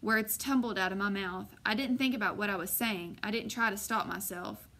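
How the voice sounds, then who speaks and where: A woman narrating a first-person audiobook in a measured way, slowing on suspenseful moments. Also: medium pitch, pushed and bright.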